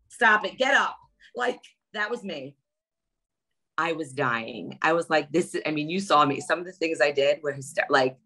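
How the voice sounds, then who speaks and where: A middle-aged woman talking as an interview guest, chatty and animated, packing her stories with "like". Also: fairly low pitch, poor audio. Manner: chatty, animated storytelling, lots of "like". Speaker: interview guest, former reality show contestant. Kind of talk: casual interview chat.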